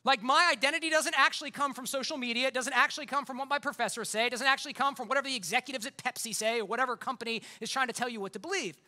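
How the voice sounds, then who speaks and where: Fast-talking, bright-voiced preaching man. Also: very high-pitched. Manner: impassioned, conversational preaching with rhetorical repetition. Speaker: pastor. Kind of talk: sermon.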